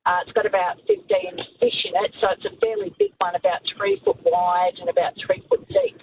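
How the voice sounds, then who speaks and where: A woman's voice: very high-pitched, huge pitch swings, a little fast, gravelly. A woman calling a radio show, asking her questions hesitantly with many ums. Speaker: caller. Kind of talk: phone-in question. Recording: noisy phone line.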